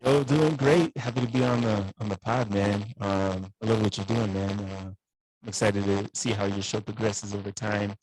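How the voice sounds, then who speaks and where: A man's voice: fairly low pitch, fairly even intonation, moderate pace, darkish tone, husky, no room sound, low-quality recording. A male teacher joining a podcast by video call from a school studio, laid-back and chatty. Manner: laid-back, says "man" often. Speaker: guest, teacher. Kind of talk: casual podcast chat over video call.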